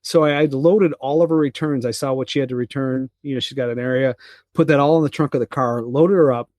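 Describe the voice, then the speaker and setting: A middle-aged man co-hosts a parenting podcast and tells stories in a loose, rambling way, restarting his sentences often. His voice sits at a middling pitch. The sound is dry and close, with no room around it. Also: fairly quick, a little mellow, no echo. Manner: rambling storyteller with many restarts and fillers. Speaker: podcast co-host. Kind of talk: casual chat.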